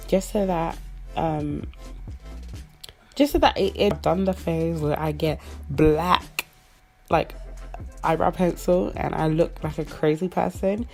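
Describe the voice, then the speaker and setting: A chatty young woman talks through her everyday makeup routine, slightly low-pitched for a woman, with faint music playing underneath. She keeps it playful and loose, making up silly words along the way. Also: steady tone, a little slow, gravelly, darkish tone. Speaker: beauty vlogger. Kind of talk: casual makeup tutorial chat. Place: indoors at home under studio lights.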